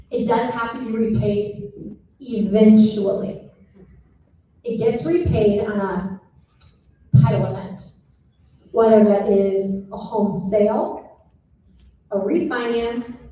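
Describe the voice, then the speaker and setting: A woman's voice: a little high, warm tone. A woman mortgage lender giving a seminar presentation, explaining step by step and checking in with the audience. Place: seminar room. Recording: echoey room, mic far off, faint noise.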